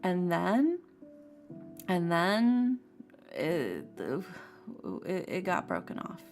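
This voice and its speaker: A woman's voice: on the low side, wildly swooping pitch, extremely slow. A young woman streamer chatting casually, talking frankly and swearing as she vents about a painful personal story. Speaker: tarot streamer. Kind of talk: casual chat. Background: faint lofi music.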